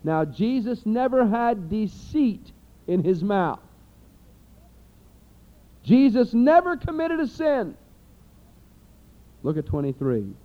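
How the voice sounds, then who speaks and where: A man preaching a sermon, lively and animated, acting out everyday scenes in different voices as he reads scripture. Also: sits high, takes it slowly, long pauses. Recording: dull lo-fi recording.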